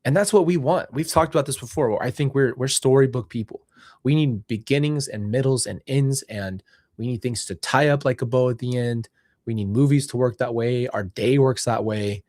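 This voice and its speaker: A man's voice: medium pitch, normal speed, a little mellow, no room sound, studio quality. A young man talking earnestly and rambling about faith, seated indoors as a podcast host, often correcting himself mid-thought. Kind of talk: reflective faith talk.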